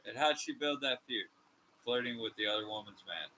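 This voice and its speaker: A man's voice: mid-range voice, expressive, fairly quick, sharp tone, a little hiss or hum, low-quality recording. A man co-hosting a podcast in casual chat, blunt, argumentative and swearing. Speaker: podcast co-host.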